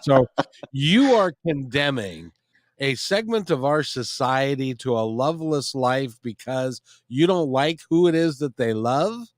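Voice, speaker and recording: A man's voice: mid-range voice, animated, a little slow, no echo, studio quality. A man hosting a talk radio show, chiming in with his own views and plugging an upcoming episode. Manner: chimes in with opinions, plugs his show.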